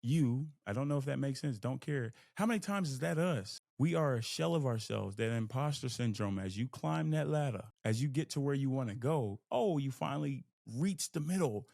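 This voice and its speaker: A young man from Texas, hosting a podcast and giving an emphatic, animated motivational talk. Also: mid-range voice, normal speed, creaky, hardly any pauses, no room sound, clean studio sound. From Fort Worth, Texas. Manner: animated, emphatic, acts out inner voices. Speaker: podcast host. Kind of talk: motivational monologue.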